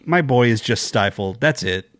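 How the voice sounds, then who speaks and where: A man's voice: mid-range voice, animated, moderate pace, a bit bright. A man co-hosting a podcast in casual chat, with jokey, laughing, sometimes swearing banter. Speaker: podcast co-host.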